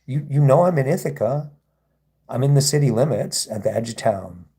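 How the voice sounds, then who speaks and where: A man's voice: medium pitch, lively intonation, normal speed, warm tone, breathy edge. A man hosting a casual livestream, rambling and sarcastic as he reads and answers chat comments. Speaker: livestream host.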